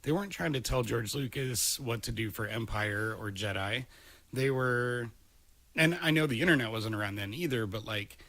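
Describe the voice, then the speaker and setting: Man, podcast host, casual rambling chat, mid pitch, dry close mic. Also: fairly bright tone, no room sound. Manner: rambling, opinionated, laughs easily.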